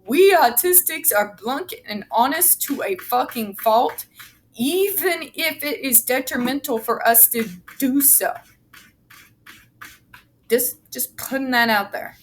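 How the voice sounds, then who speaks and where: A woman's voice: high-pitched, animated, slow, slight background noise. A woman giving angry, blunt commentary as she reads from a report, swearing heavily and sarcastic. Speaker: autistic advocate commentator.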